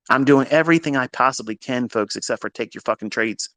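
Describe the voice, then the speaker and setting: A man giving an unscripted motivational lecture as a trading mentor, blunt and profane, dropping to low mutters and then rising to loud, emphatic outbursts. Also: fast talker, no room sound.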